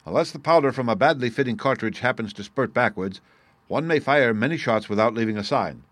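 A man reading a sharp, middle-aged male detective who explains his reasoning in a measured, assured way. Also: medium pitch, animated, dry recording, close to an everyday voice. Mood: explaining. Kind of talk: audiobook character reading.

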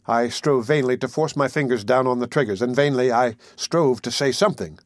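A man reads a classic novel aloud in the first person, steady and deliberate. His voice is mid-pitched, and the recording is dry and close with no reverb. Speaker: audiobook narrator. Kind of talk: first-person literary narration.

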